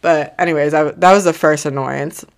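A woman's voice: low voice, steady tone, normal speed. A young woman hosting a podcast, telling a personal story in a blunt, casual way, swearing freely and laughing through the hard parts. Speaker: podcast host.

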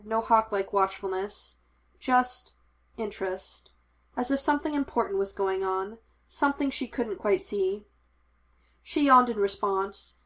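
A woman narrating an audiobook of fan fiction with a measured, expressive reading. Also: mid-range voice.

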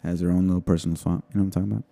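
He speaks in a very low, gravelly voice with a mellow, dark tone. His delivery is deadpan and mumbled as he trades dark jokes in loose podcast chatter. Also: racing. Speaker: podcast co-host. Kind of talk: casual podcast banter.

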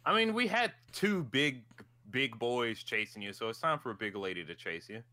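A man's voice: mid-range voice, lively intonation, normal speed, sharp tone, no echo. An American man in casual chat, rambling and laughing easily as he talks.

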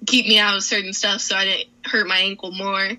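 A woman's voice: medium pitch, little pitch movement, brisk, pushed and bright, low-quality recording. A young woman, a wrestler, chatting casually in an interview, giggling often and filling with "like" and "um". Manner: giggly, chatty, lots of fillers.

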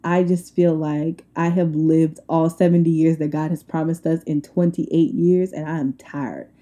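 A woman's voice: low-pitched, measured pace. A woman in her twenties hosting a casual solo podcast, telling stories bluntly and colloquially with lots of laughter. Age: 20s. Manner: animated storytelling with frequent laughs and rants. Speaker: podcast host.

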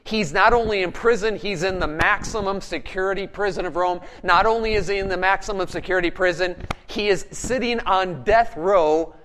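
A man preaching a sermon as pastor, animated and firing rhetorical questions at his congregation. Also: high-pitched, moderate pace, hardly any pauses, a little hiss or hum.

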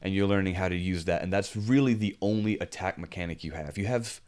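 Deep-voiced male podcast co-host, loose rambling chat, lots of ums. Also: fast. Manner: relaxed, rambling, frequent fillers. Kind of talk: casual chat.

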